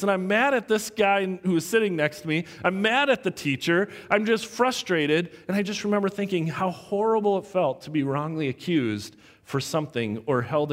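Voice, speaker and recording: A man preaching a sermon, telling a personal story with animated quoted voices. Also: fairly high pitch. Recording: long hall reverb.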